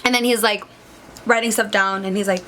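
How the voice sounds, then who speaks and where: A woman's voice: medium pitch, steady tone, fairly quick, bright, forceful tone, a little hiss or hum. A young woman vlogger telling a story in a chatty way, full of likes, acting out what others said. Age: young adult. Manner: chatty, many likes, acts out quotes. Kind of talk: storytime vlog.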